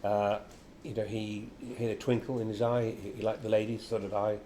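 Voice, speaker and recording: An older actor chatting as an interview guest, a lively storyteller who acts out quotes. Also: male voice, lowish voice, a little fast, slight background noise. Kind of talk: casual interview chat. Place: venue with background chatter.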